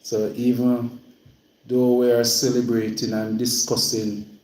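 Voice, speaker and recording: A man's voice: mid-range voice, monotone, measured pace, a little mellow, roomy sound, low-quality recording. A Jamaican man hosting a livestream, speaking plainly and repeating himself when stirred. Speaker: livestream host. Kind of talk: casual livestream talk.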